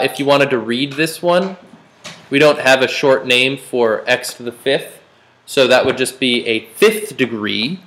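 A man's voice: mid-range voice, a bit bright. A man teaching a math class, joking and quizzing his students as he works problems. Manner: playful, jokey, asks the class questions. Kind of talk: classroom lecture.

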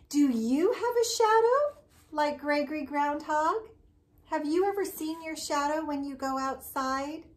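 A woman teaching a circle time lesson to young children, talking in a slow, exaggerated, sing-song way. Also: high voice, a bit bright. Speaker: preschool teacher.

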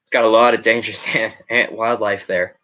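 A man's voice: fairly low pitch, steady tone, a little fast, sharp tone, highs cut off. A man with a slight Australian accent, chatting casually as a YouTuber and answering viewer questions in a rambling, hesitant way. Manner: rambling and hesitant, with many ums and restarts.

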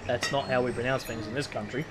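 A man's voice: mid-range voice, steady tone, quick pace. An Australian man rambling through a game tutorial in casual commentary, reading the on-screen text aloud and swearing now and then. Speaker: gameplay commentator. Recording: music playing under the voice.

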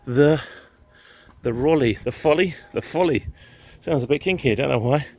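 A man with an English accent and a husky, slightly mellow mid-range voice rambles casually at normal speed on a garden walking-tour vlog, with the odd curse. No room sound is present, only faint outdoor ambience and distant garden machinery.

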